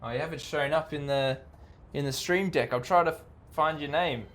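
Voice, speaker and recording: A man's voice: fairly high pitch, moderate pace, a bit bright. Chatty man streaming a game. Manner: chatty, laughs often, talks to viewers. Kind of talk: casual live-stream chat.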